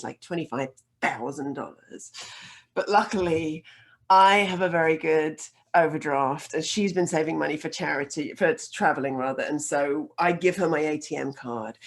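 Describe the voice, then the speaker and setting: A woman telling a funny personal story on stage, acting out the voices of the people in it. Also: sits low. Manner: animated, acts out quoted voices.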